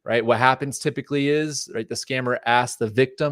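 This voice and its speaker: A man's voice: medium pitch, fairly even intonation, normal speed, hardly any pauses, a bit bright, no room sound, clean studio sound. A man co-hosting a podcast, giving passionate, rambling warnings with lots of fillers. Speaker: podcast co-host. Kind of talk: casual podcast chat.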